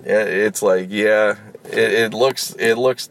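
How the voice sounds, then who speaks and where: A man's voice: lowish voice, steady tone, takes it slowly, creaky. Rambling man vlogging from his car. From Los Angeles. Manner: rambling, many fillers and restarts, swears casually. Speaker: rideshare driver vlogger. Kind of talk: casual rambling car vlog. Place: inside a car.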